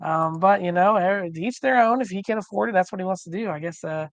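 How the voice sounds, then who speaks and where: A man co-hosting a casual livestream chat, rambling with many fillers and restarts while slowly losing his voice. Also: sits high, gravelly, no room sound. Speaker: livestream co-host.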